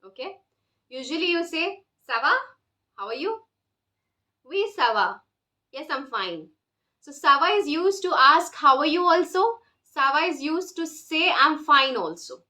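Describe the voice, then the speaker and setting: A woman teaching beginner French online, slowly repeating each phrase for learners to copy. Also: high voice, expressive, bright, forceful tone. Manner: slow, drills phrases with repetition. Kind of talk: online language lesson.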